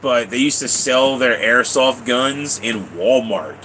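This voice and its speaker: A man's voice: medium pitch, slow, sharp tone, a little hiss or hum, rough recording. A man live streaming, telling long rambling stories to his chat, repeating himself, laughing and swearing casually.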